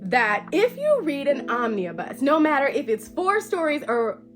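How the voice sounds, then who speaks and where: Nasal, lively woman chatting to camera. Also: sits high, measured pace, soft background music. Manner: animated, playful, swears casually. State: stuffy nose from allergies. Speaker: book vlogger. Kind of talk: casual chat to camera.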